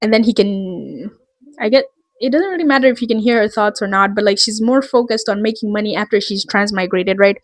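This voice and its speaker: A woman's voice: mid-range voice, brisk, no echo. A woman vlogger ranting in a casual, rambling, exasperated way, full of fillers. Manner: rambling, exasperated, heavy use of "like".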